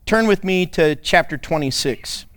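A man's voice: high-pitched, expressive, unhurried, a bit bright. A man preaching a sermon in a playful, sarcastic way, laughing often as he talks. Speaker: pastor.

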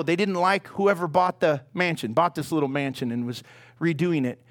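High-voiced man preaching with laughter. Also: dry recording, clean studio sound. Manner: animated, laughing storyteller. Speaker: pastor. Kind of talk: sermon with storytelling.

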